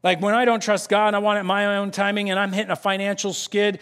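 A man delivers a lively sermon, his voice sitting fairly high for a man. He swings into the voices of the people he quotes as he preaches. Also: fast, hardly any pauses, smooth. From United States. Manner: animated, acts out quoted voices. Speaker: pastor.

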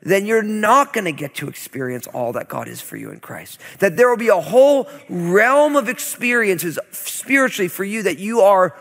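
Male pastor, 30s, raised pitch, conversational storyteller, long hall reverb. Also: moderate pace, few pauses. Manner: conversational, animated storytelling with asides. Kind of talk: sermon.

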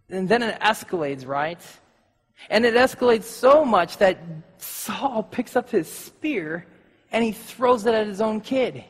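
Male preacher, high pitch, husky tone, long hall reverb, casual and joking. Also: expressive, a little slow. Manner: casual, joking asides, acts out scenes. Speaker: pastor. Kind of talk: sermon.

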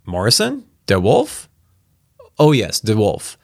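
A man's voice: lowish voice, huge pitch swings, slow pace, vocal fry, darkish tone, no echo, studio quality, voice pushed up, exaggerated voice. A man voicing an impatient army general who barks abrupt orders. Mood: sharp.

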